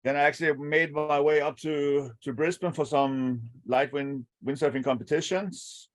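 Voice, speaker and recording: A man in his fifties, a podcast guest, telling his travel stories in a relaxed way, listing places one after another. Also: a little high, normal speed, dry recording. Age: 50s. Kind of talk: casual chat. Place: home by the palm trees.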